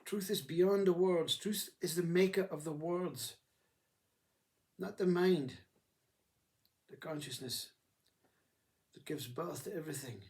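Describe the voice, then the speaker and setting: A man's voice: fairly high pitch, takes it slowly, long pauses, darkish tone, distant mic. A man giving a reflective spiritual talk who acts out inner voices as he speaks. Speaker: spiritual teacher.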